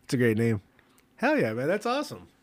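A man's voice: medium pitch, wildly swooping pitch, fairly quick, no echo. A man hosting a casual podcast, enthusiastic and loose, with plenty of swearing. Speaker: podcast host.

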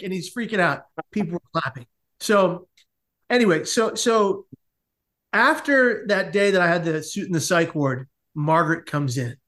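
A man, a podcast guest, telling a comic personal story with lively asides. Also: high voice, moderate pace. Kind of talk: animated storytelling in a podcast interview.

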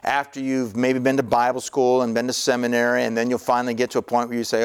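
A man's voice: mid-range voice, normal speed. A male preacher teaching in an emphatic sermon style, repeating key lines and slipping in jokes. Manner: emphatic, repetitive, jokey.

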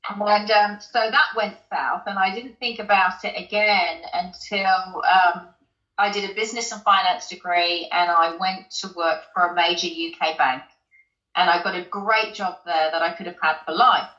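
A woman from the UK tells her story as an interview guest, chatty and loose, with plenty of ums and false starts. Her voice is bright and clear-toned. The recording sounds roomy and a little dull. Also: fairly low pitch, steady tone, moderate pace. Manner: chatty, many ums and restarts, laughs often. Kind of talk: personal storytelling in conversation.

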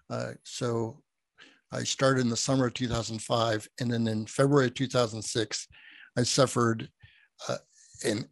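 Middle-aged male podcast guest, lively storyteller who laughs a lot and plays out dialogue, mid-pitched voice, dry close sound. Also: no echo. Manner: animated storyteller who laughs often and acts out quoted speech. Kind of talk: casual conversational storytelling.

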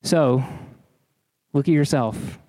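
A man's voice: mid-range voice, takes it slowly, dark tone, long reverb tail. A man preaching a sermon in an earnest, emphatic way, often repeating key phrases. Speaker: pastor.

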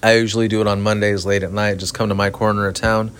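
A man hosting a casual solo podcast, ranting in a flat, monotone way, swearing often and rambling. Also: fairly low pitch, fast, clear, resonant tone. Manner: profane, rambling, self-aware. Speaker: podcast host. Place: outdoors at night near an apartment complex. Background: sprinklers.

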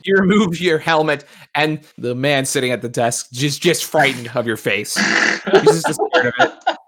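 A man narrating as game master of a tabletop game podcast, relaxed and full of fillers. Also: on the high side, normal speed.

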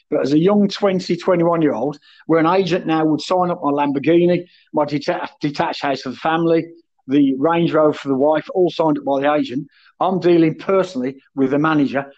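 A middle-aged man tells blunt, swearing-heavy stories in an animated, casual podcast style. His voice sits a little high for a man. The recording sounds muffled and lo-fi. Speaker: podcast guest, former footballer. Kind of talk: casual storytelling chat. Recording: muffled lo-fi audio.

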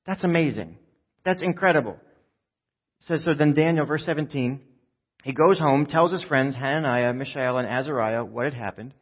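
A man preaching a sermon, retelling a scripture story with lively storytelling and acting out the characters' lines. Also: medium pitch, normal speed, husky, dull audio. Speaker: pastor.

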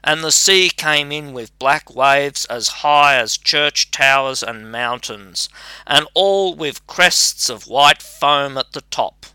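A man reading a fairy tale aloud as an audiobook narrator, measured and deliberate, on a close mic. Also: fairly high pitch, bright, forceful tone, smooth, no echo. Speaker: audiobook reader. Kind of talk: scripted storybook narration.

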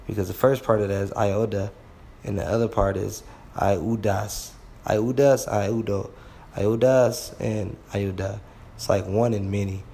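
A man, slowly working through a Bible word study, sounding out words and marveling with frequent exclamations. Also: lowish voice, fairly even intonation, dark tone.

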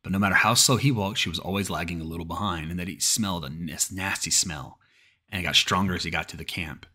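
Deep husky man telling a horror story. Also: quick pace, sharp tone. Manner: profane, restarts mid-sentence. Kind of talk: creepypasta horror narration.

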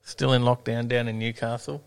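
A man's voice: mid-range voice, little pitch movement, a little fast, vocal fry, clean tone. A middle-aged Australian man co-hosting a casual live-stream chat, joking and laid-back, with lots of ums and repeats. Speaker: co-host.

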